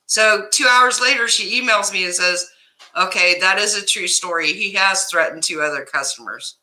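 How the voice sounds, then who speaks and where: A middle-aged American woman hosts a casual livestream, telling a story with animated energy and breaking off to greet viewers by name. She sounds upset and stressed, and her voice is very bright and sharp at an ordinary pitch. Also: moderate pace, low-quality recording. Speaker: livestream host.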